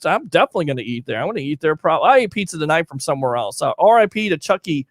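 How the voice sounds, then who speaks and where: A man's voice: on the high side, very fast, no room sound. A man hosting a live sports talk show, reading listener comments aloud and bantering with his co-host. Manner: animated, reads listener comments, jokey banter. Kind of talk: casual live call-in sports chat.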